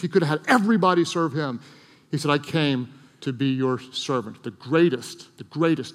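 A middle-aged man preaching a sermon in a large church, earnest, swelling to loud emphatic peaks and dropping to soft, hushed lines. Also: on the high side, moderate pace. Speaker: pastor. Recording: long hall reverb.

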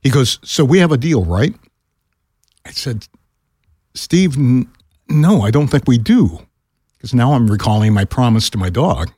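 Older guy on a podcast, telling a story, voice jumps all over, bit husky, dry close mic. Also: normal speed, no echo. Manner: animated, acts out quoted voices with pitch jumps. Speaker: podcast guest, retired radio broadcaster. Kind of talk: casual storytelling.

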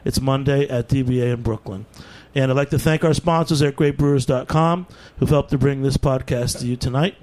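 A man with a mid-pitched, easygoing voice hosts a beer radio show. He chats casually with his guests and runs through event plugs in a brisk, upbeat way. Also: darkish tone. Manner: upbeat, laughs easily, quick plug-filled wrap-up. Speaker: radio podcast host. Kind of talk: casual radio chat and announcements.

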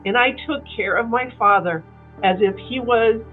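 A woman's voice: a little high, normal speed. Chatty woman on a tinny line. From Kansas City area, USA. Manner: animated, acts out quoted voices, many fillers. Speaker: guest. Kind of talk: casual storytelling interview. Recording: tinny phone-like line with faint music.

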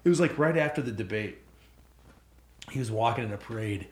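Teasing man with a lively pitch. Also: brisk, roomy sound. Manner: teasing, laughs often. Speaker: podcast co-host. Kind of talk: casual chat.

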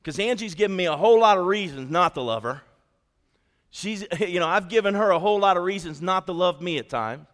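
A man's voice: high voice, lively intonation, a little fast, fairly bright tone. A middle-aged male pastor preaching a sermon, talking conversationally and calling out to his congregation. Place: church sanctuary. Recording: long hall reverb.

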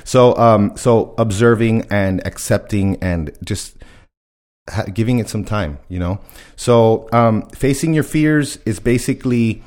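A man co-hosting a podcast, talking earnestly, quick to laugh and acting out his own inner voice. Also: lowish voice, darkish tone. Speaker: podcast co-host. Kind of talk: casual chat.

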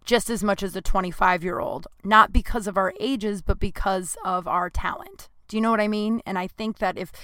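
A woman's voice: mid-range voice, fairly bright tone, no echo. A woman in her late thirties rambles through a casual confessional monologue, nervous and flustered, dropping swear words as she goes. Her voice sits in a middle range and sounds close and dry, with no room around it.

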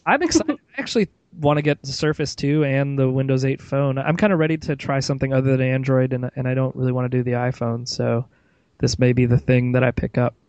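A man's voice: mid-range voice, fast, darkish tone, clear, resonant tone, dry recording, highs cut off. A man hosting a casual tech podcast, chatty and rambling, with many fillers and restarts. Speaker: podcast host.

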